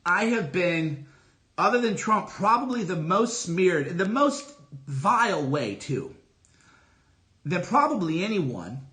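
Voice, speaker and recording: A middle-aged man hosts a solo livestream from his phone, speaking casually in a high-sitting, very animated voice. His pace is slow and his tone bright and forceful as he makes boastful, emphatic declarations over and over.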